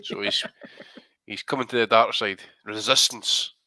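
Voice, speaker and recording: A man's voice: fairly low pitch, fairly even intonation, a little slow, pushed and bright, dry recording. A man co-hosting a casual boxing podcast, swearing freely and bantering with laughs. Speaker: podcast co-host.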